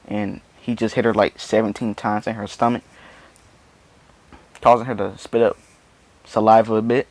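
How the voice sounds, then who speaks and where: A man's voice: lowish voice, darkish tone, no room sound. A man casually retelling a fan story, rambling and padding it with constant fillers. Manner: rambling, full of "you know" fillers.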